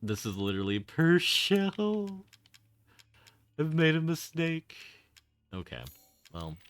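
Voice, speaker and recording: Speaking slowly but with lots of animation, this man has a fairly high, fairly bright voice. He streams a game and chats loosely, wandering through sarcastic, wry comments and swearing casually along the way.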